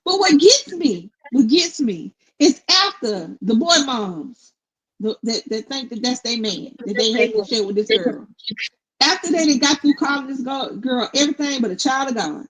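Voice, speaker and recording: Blunt, husky-voiced woman. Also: a little high, moderate pace, rough recording. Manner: blunt, opinionated, steady even tone. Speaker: co-host. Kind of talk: casual commentary.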